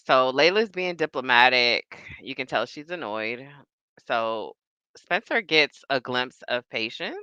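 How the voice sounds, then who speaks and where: A woman at home giving animated, casual live reaction commentary, exclaiming and laughing easily as she goes. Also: a bass voice, smooth, no room sound, muffled recording. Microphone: recording without headphones.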